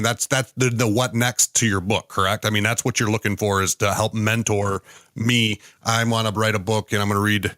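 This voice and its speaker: A man hosting a podcast, speaking haltingly with many pauses as he frames a question for his guest. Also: lowish voice, a bit bright, dry recording, studio quality. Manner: halting, many fillers and restarts while framing questions. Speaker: podcast host. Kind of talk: casual interview talk.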